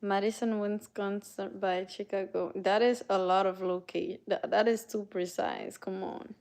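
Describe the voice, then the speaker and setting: A Canadian woman hosts a relaxed livestream, greeting viewers by name and reading their messages aloud. Her medium-pitched voice moves at a normal pace with fairly even intonation, a touch of vocal fry, and a slightly mellow quality.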